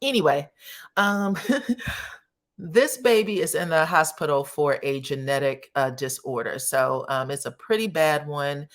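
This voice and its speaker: A woman's voice: low voice, measured pace. A woman commentator casually recapping a reality show episode, chatty and sassy, talking straight to her viewers. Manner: chatty, addresses viewers as y'all, sassy asides.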